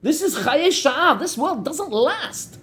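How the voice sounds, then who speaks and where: A man's voice: very high-pitched, sing-song, slow pace, a bit bright, pitched above the performer's own voice, heavily acted. A man voicing an earnest, insistent devout wife in a story he tells, middle-aged woman. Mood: urgent pleading.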